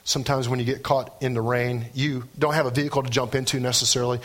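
A man preaching a sermon, animated, with his voice rising and dropping for emphasis. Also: medium pitch, quick pace. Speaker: pastor.

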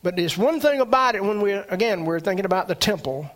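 A man preaching a sermon, animated, with dramatic swings in pitch and loudness. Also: fairly quick.

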